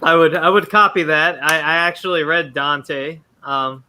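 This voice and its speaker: A man's voice: on the high side, fairly even intonation, unhurried, background noise. A man hosting a casual interview, speaking with hesitant restarts. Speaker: show host.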